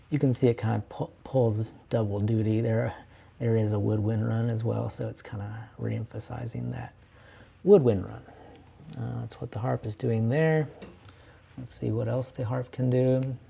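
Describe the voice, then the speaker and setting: Gravelly, slow-talking man teaching orchestration. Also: medium pitch, dark tone. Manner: casual, thinking aloud with fillers and restarts. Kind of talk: screen-share music lesson.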